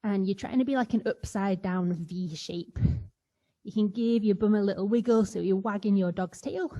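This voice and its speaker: Slow, mellow woman leading kids yoga. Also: mid-range voice. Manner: playful, makes animal sounds for children. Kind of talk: guided kids yoga instruction.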